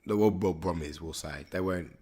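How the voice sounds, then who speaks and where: Young brummie guy with a really low voice, chatting on a podcast, keeps tripping over his words. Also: normal speed, a little mellow, husky. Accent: Birmingham. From Birmingham, England. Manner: rambling, stumbles and restarts often. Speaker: podcast co-host. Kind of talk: casual chat.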